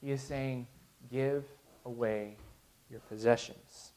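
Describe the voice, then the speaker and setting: A man's voice: medium pitch, steady tone, slow pace. A man in his thirties preaching a sermon to his congregation, earnest, with frequent restarts. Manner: earnest, with restarts and soft laughs. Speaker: pastor.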